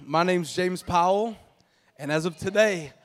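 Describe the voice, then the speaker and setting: A man pastor preaching a lively, jokey sermon to his congregation, getting them to repeat phrases back. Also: sits high, a little slow. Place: church auditorium with congregation.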